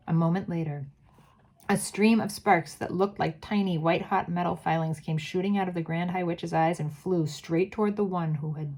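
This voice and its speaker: A woman reading a children's book aloud, measured, dropping to a whisper at tense moments. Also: on the low side, steady tone, darkish tone. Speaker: read-aloud narrator.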